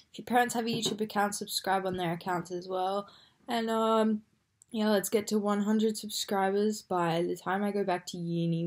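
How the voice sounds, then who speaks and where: A woman's voice: mid-range voice, darkish tone. A young woman talking directly to her viewers in a chatty, rambling vlog intro. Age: young adult. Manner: chatty, rambling, self-correcting. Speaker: vlogger. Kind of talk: direct-to-camera vlog talk.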